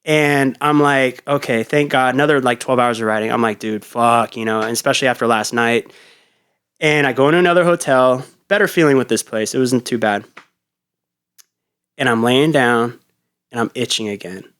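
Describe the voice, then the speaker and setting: A man's voice: mid-range voice, brisk, fairly bright tone, clean tone. A young adult man, a podcast host, telling a long story in casual, profane chat.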